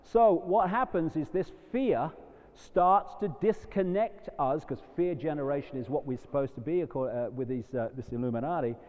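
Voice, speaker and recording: A man's voice: a little high, normal speed, a little mellow. A man giving a rambling, impassioned live lecture to an audience. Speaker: public speaker. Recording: dull lo-fi recording in a long-reverb hall.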